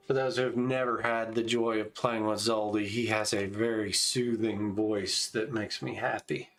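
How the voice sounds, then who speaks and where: This forties-aged man speaks at a normal pace with a lowish pitch, fairly even intonation and a fairly bright tone. Streaming a game, he keeps things laid-back and chatty, offering casual commentary and calling out tactics between his stories.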